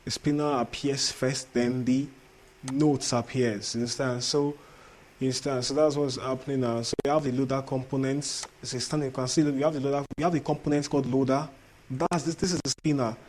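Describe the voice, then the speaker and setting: A man's voice: mid-range voice, fairly even intonation, a little fast, a little mellow, slight background noise. A man with an accent, teaching a coding tutorial while sharing his screen. He repeats himself and keeps asking if viewers understand. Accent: non-native English accent. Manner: repetitive, checks in often with "understand?". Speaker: coding instructor.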